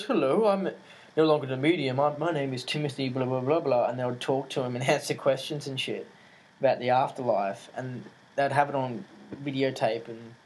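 A man talking in a casual, rambling monologue, hesitant and full of fillers, animated and incredulous as he tells stories. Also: medium pitch, slight background noise, poor audio.

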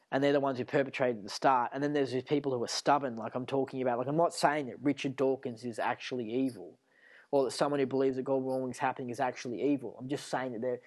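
A man's voice: medium pitch, a little mellow. Rambling man hosting a solo podcast. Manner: rambling, many fillers and restarts. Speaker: podcast host.

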